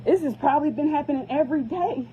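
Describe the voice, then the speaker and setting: A woman's voice: high voice, fast, a little hiss or hum. A distraught mother speaking to camera, pleading and repeating herself. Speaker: parent. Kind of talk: emotional phone vlog. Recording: tinny phone-quality recording.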